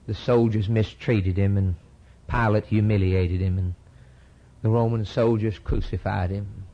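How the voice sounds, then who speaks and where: A man, preaching an earnest sermon that rises to impassioned peaks and ends in prayer. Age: 50s. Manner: earnest, rising to an impassioned high pitch at climaxes. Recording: dull lo-fi sermon recording.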